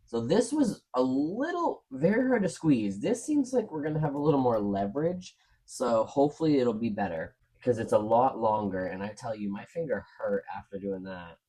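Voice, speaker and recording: A man's voice: mid-range voice, animated, normal speed, mellow, husky. Man, chatty, frank, craft demo host, mid-range voice. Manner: chatty, frank, talks to viewers while working. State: out of breath. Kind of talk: casual step-by-step craft demo.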